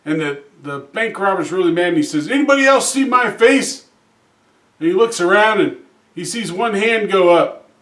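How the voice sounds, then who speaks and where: Man, joke teller, folksy delivery, slightly high voice, sits back from the mic in a roomy space. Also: moderate pace, fairly bright tone. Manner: folksy, frequent "uh" fillers, acts out characters with raised pitch. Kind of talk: casual joke telling. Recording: roomy echo, distant from mic.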